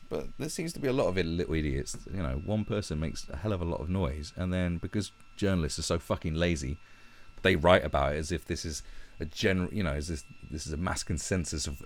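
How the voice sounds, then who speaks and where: A man giving a sarcastic, profane ranting commentary as an online commentator. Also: deep voice. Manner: sarcastic and profane, with mocking asides.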